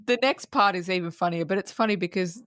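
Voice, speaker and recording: A woman's voice: lowish voice, fast talker, no room sound, studio quality. A woman co-hosting a podcast, casually recapping a film scene by scene, acting out the characters' lines and swearing freely. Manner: animated storyteller who acts out quotes and swears freely. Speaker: podcast co-host.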